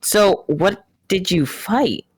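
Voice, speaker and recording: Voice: mid-range voice, lively intonation, slow, slightly rough. A player chatting casually at a tabletop game, laughing often.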